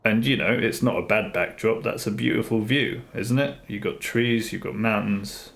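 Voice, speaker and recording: An earnest man chatting on a live stream, his voice sitting a little low. He rambles and circles back to the same phrases as he thinks aloud, in an easygoing, unscripted way. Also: moderate pace, creaky, a bit bright. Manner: earnest, rambling, repeats himself. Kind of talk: casual live-stream chat. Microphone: streaming mic, face off camera.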